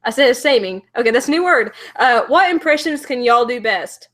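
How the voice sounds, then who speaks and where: A woman's voice: fairly high pitch, expressive, brisk, fairly bright tone. Giggly young woman with a Southern accent. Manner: giggly, reads viewer comments. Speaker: host. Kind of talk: casual livestream chat.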